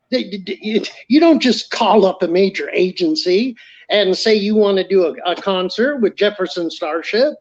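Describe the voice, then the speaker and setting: High-voiced animated man. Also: normal speed, dull audio. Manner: animated storyteller acting out quoted dialogue. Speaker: podcast guest. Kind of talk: casual storytelling.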